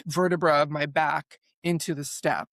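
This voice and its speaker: A young man telling a personal story as a podcast guest, animated and full of "like" fillers. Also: fairly high pitch, moderate pace, creaky, no room sound. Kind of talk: storytelling in an interview.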